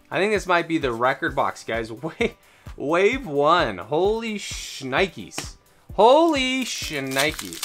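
An excitable unboxing host whose voice swings widely up and down, gasping and rattling off quick counts. The voice sounds slightly strained from all the excitement, and faint music plays underneath. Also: medium pitch. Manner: excitable, gasping exclamations, breaks into fast counting. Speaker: card-opening channel host.

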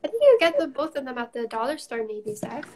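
A young woman hosts a live painting stream, chatting casually while she paints. Her high, sing-song voice moves quickly with a darkish tone, and she stays upbeat and encouraging, laughing often. There's a little hiss or hum in the audio.

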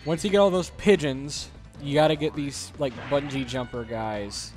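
A man's voice: mid-range voice, moderate pace, over music. A man giving casual, jokey commentary while playing a video game, grumbling at the levels. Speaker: let's play host.

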